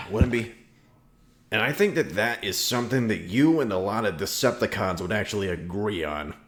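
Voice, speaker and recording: Animated low-voiced man running a tabletop game. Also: moderate pace. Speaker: game master. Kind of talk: narrating a tabletop role-playing game on a voice call. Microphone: voice call microphone.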